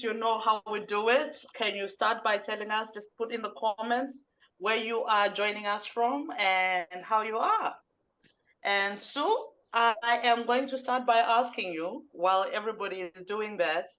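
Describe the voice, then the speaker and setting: A woman hosting an online interview, playful and quick to laugh, heard over a video call. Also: medium pitch, fairly bright tone. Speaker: host. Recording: dull lo-fi video call audio.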